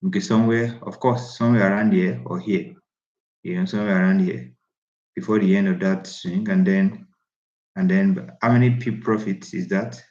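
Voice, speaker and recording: A man's voice: low voice, fairly even intonation, moderate pace, darkish tone. Emphatic man teaching trading in a roomy room. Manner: repetitive, emphatic, restarts phrases while pointing at a chart. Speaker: trading instructor. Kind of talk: screen-share trading lesson. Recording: roomy, slightly dull lo-fi audio.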